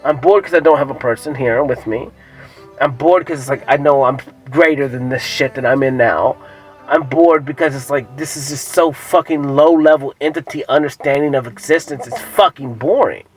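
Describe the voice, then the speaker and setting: A man's voice: mid-range voice, normal speed, faint music behind, poor audio. A man talking casually to the camera in a rambling, profane monologue full of fillers and restarts.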